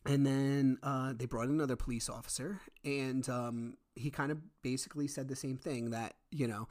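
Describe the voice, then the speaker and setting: Man animatedly retelling a court day. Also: mid-range voice. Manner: animated, reenacts dialogue with quick asides. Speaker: podcast host. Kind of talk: casual storytelling recap.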